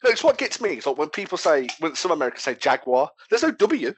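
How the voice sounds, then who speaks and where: A young British man in casual podcast banter, delivering dark jokes with deadpan mock outrage. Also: fairly high pitch, fast, slight background noise. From Britain.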